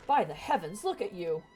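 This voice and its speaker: A woman's voice: medium pitch, very animated, unhurried, mellow, soft background music, low-quality recording. Urianger, a woman putting on a valley-girl lilt. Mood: grandly formal. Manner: mock valley-girl lilt on old-fashioned speech. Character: archaic-speaking male scholar, grandly formal. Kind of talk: reading game dialogue aloud.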